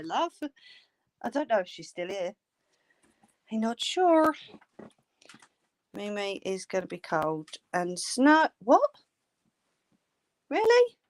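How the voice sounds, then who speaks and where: A woman's voice: medium pitch, a little mellow. A woman hosting a craft live stream, chatting casually and answering her viewers' comments.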